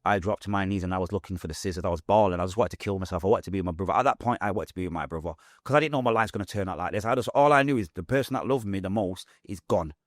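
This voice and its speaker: A man's voice: sits low, rapid-fire, few pauses, no echo, clean studio sound. A man with a Manchester accent telling his life story as an interview guest, emotional and blunt with street slang. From England.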